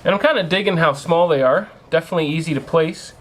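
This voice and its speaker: Speaking fast in a slightly high voice, a man hosts a casual home theater vlog from his home theater room. He chats to viewers as "guys" and teases what comes next, all recorded on a camera mic.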